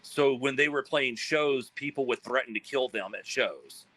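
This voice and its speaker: Lively man telling stories. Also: medium pitch, moderate pace, dry recording, low-quality recording. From South Carolina. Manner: animated, acts out quoted voices, many fillers. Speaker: guest, band frontman. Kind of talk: casual interview storytelling.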